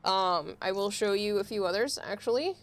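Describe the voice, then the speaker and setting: A woman's voice: mid-range voice, normal speed. Chatty New woman streaming. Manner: chatty, explaining with amused laughs. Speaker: livestreamer. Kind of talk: casual livestream chat.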